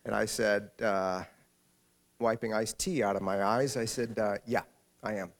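Gravelly man telling a wry story. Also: fairly low pitch, fairly even intonation, unhurried. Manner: storytelling, wry and self-deprecating. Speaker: author speaking at an event. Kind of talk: humorous public talk with anecdote.

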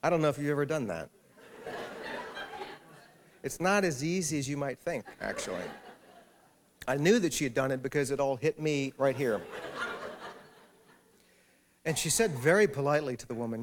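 Gravelly man telling a wry story. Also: medium pitch, animated, moderate pace, pauses often. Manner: storytelling, wry and self-deprecating. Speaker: author speaking at an event. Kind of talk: humorous public talk with anecdote.

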